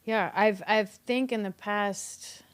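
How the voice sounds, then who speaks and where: Woman, Southern accent, comedian guest, candid podcast chat, mid pitch, swears casually. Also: fairly even intonation, takes it slowly. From Kentucky. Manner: candid, laughs through stories, swears casually.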